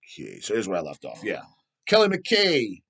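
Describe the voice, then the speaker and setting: Profane, animated man hosting a metal channel. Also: fairly low pitch, moderate pace, gravelly, husky. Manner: profane, animated, mocks people in put-on voices. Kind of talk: profane casual rant answering viewer questions.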